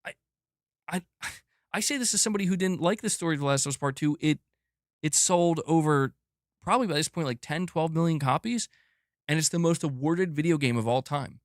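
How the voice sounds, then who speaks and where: A man hosting a gaming news livestream, ranting emphatically with lots of swearing, swinging from loud bursts to muttered asides. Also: on the high side, brisk, no room sound, clean studio sound. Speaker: gaming news channel host. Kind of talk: livestream commentary rant.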